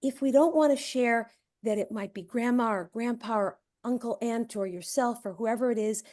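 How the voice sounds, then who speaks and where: A woman school counselor speaking briskly on a webinar, working through a list of advice for parents. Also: fairly high pitch, a little mellow. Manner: brisk, listing points. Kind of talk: webinar talk.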